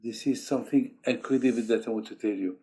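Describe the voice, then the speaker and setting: Husky older rabbi preaching emphatically. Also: male voice, mid-range voice, fast talker, mellow. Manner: emphatic, repeats key phrases, sprinkled with Hebrew terms; speaks English as a second language, broken grammar. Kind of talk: sermon.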